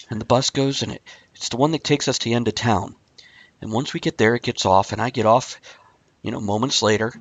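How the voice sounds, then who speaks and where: A man hosting a casual talk show, telling a rambling shaggy-dog story with deadpan asides. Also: fairly low pitch, no echo, rough recording.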